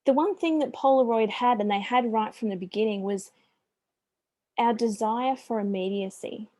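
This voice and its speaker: A woman's voice: fairly high pitch, normal speed, dark tone, dry recording. A middle-aged Australian woman giving a business presentation as a small business coach, chatty and upbeat with friendly asides.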